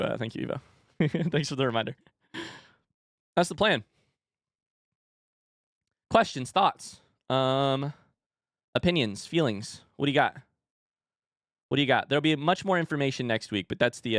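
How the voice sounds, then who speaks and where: A young man streaming live, hyping up a charity event with excitable announcer energy and then chatting casually with viewers while out of breath. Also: on the high side, no echo, clean studio sound. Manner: excitable, hyped announcer delivery that shifts to quick casual asides.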